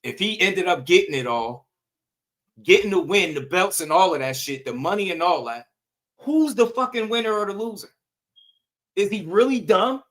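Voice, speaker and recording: A man's voice: sits high, lively intonation, normal speed, fairly bright tone. A man hosting casual boxing commentary, ranting with profanity, slang and rhetorical questions.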